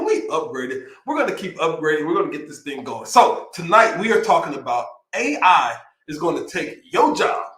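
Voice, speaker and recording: A man hosting a live show, talking in a loose, rambling, excitable way. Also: on the high side, roomy sound. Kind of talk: casual livestream talk. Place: home streaming setup near Austin, Texas.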